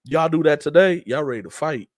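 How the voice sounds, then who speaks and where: A man's voice: a little high, expressive, brisk, dry recording, clean studio sound. A middle-aged man hosting a sports talk show, speaking in an emphatic, streetwise way with frequent restarts. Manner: emphatic, trash-talking streetwise delivery with repeated restarts. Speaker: show host and event organizer. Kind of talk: casual talk-show monologue.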